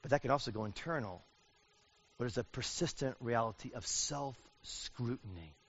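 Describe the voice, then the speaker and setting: A middle-aged man preaching a sermon in an animated way, acting out the voices he quotes. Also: mid-range voice, normal speed, slightly rough. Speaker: pastor. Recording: dull lo-fi sound.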